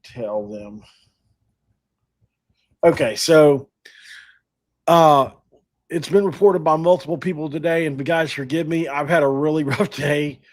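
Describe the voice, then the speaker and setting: A man's voice: on the high side, a little slow, pauses often. A man hosting a sports podcast, talking casually and in a rambling, self-deprecating way with frequent laughs. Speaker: podcast host.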